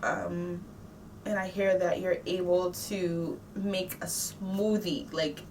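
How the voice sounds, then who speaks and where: A woman's voice: lowish voice, level tone, slow pace, darkish tone. Candid woman vlogging, slightly distant. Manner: confessional, rambling and emotional. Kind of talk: candid personal vlog talk. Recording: slightly distant mic with faint background noise.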